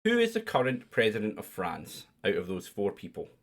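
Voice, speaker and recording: A Scottish man hosts a casual online quiz, reading out questions and chatting between them. His voice is fairly low but swings up and down a lot. He jokes easily as he goes. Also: wildly swooping pitch, moderate pace. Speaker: quiz host. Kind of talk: casual live-stream quiz hosting.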